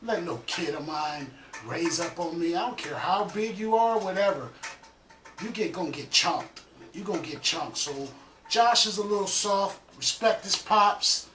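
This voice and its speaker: A man's voice: sits high, animated, measured pace, pushed and bright, a little hiss or hum. A man hosting a reaction video, giving laid-back, slangy commentary. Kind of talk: casual chat. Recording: echoey room, distant mic.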